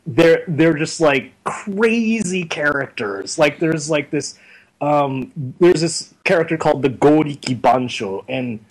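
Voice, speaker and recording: A young man being interviewed, chatting casually and telling stories in a rambling, animated way full of fillers. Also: a little high, measured pace, rough recording. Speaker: interview guest. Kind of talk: casual chat.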